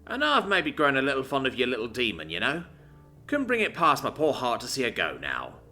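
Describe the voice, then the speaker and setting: A man's voice: mid-range voice, huge pitch swings, a little fast, sharp tone, soft background music, voice pushed up. A man voicing a sultry, teasing female reptilian mechanic.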